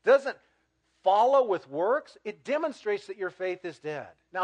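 A man preaching a sermon as pastor, getting animated and building to loud, emphatic peaks. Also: sits high, measured pace.

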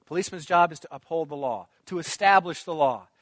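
A man preaching a sermon, booming on quoted lines and dropping to quiet asides to the congregation. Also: a little fast, no room sound. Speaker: pastor.

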